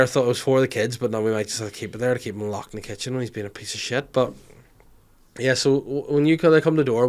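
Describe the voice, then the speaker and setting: A Northern Irish man hosting a comedy podcast, spinning animated anecdotes at a middle pitch. He swears freely and slips into other people's voices mid-story. It sounds loose and conversational. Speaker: podcast host. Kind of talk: comic storytelling chat.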